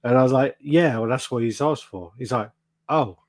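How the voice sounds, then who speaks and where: A man hosting a casual podcast, telling a story in an animated way and acting out the people in it, with a lot of swearing. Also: mid-range voice, moderate pace, no echo, studio quality. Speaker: podcast host. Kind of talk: casual chat.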